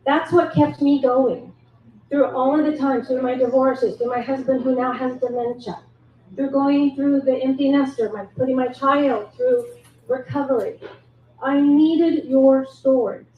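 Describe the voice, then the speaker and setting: A middle-aged woman, a forgiveness coach, speaking earnestly and encouragingly to a live audience at a measured pace. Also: high-pitched, steady tone. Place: echoey event room at a wine cellar. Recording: echoey room, muffled sound, faint noise.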